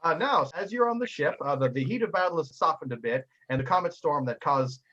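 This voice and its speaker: A man's voice: a little high, lively intonation, a little fast, bright, forceful tone, lo-fi sound. A man narrating as game master, rambling and laughing as he goes. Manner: rambling, laughing, full of restarts.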